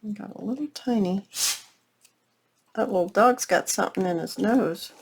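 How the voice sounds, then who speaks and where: A woman's voice: medium pitch, normal speed, vocal fry, slight background noise. A woman hosting a casual craft tutorial, chatting to her viewers as she works and teasing herself along the way. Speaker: crafting channel host.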